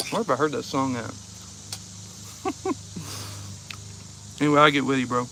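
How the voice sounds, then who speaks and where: An easygoing man from Ohio chats with viewers on a livestream while he sits outside at his table. His voice sits at an ordinary middle pitch, his manner relaxed and joking, with a soft chuckle never far off. A faint hush of outdoor noise runs under the recording. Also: a little slow, pauses often. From Ohio, USA. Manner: laid-back, chuckling often, easygoing and joking. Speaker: livestream host. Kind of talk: casual livestream chat. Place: outdoors behind the house, with insects.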